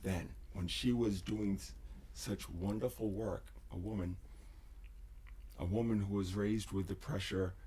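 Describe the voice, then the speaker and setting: A man hosting a livestream, talking intensely, often sinking into whispers and bursting into shouts, rambling and swearing. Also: fairly low pitch, steady tone, measured pace, slight background noise. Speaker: livestream host. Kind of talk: emotional livestream monologue. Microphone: desk USB microphone.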